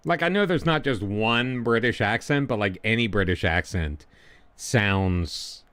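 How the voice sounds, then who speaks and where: A man's voice: on the low side, unhurried, smooth. Chatty American man streaming a game. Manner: chatty, rambling, excitable during goals. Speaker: streamer playing a football management game. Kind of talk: casual live-stream commentary.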